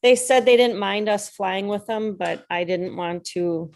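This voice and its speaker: A woman's voice: medium pitch, unhurried, darkish tone, slight background noise. A woman hosting a casual video call chat about flying, laid-back and easy. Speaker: host of a paramotoring talk show.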